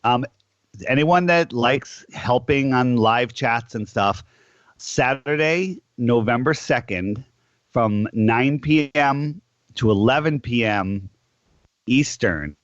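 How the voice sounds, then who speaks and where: A man hosting a call-in radio show, rambling casually with lots of restarts and drawn-out words. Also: medium pitch, fairly bright tone, no room sound. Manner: rambling, restarts often, stretches words out slowly. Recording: dull lo-fi sound.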